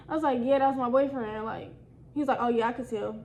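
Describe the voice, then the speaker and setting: A woman's voice: high-pitched, fast talker, slight background noise, low-quality recording. A young woman telling a storytime to her viewers in a casual, slangy way, talking to them directly. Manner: animated, slangy, addresses viewers as y'all. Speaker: storytime vlogger.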